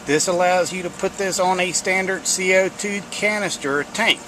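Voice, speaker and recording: A man's voice: high voice, normal speed, noisy background. A man giving blunt, folksy workshop commentary on welding and truck repair, swearing casually as he works. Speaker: home mechanic showing welding work.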